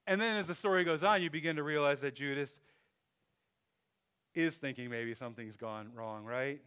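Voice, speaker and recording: A man's voice: on the high side, moderate pace, sharp tone, clean tone. A man preaching a sermon in a loose, conversational way, thinking aloud with restarts and asides. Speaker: pastor.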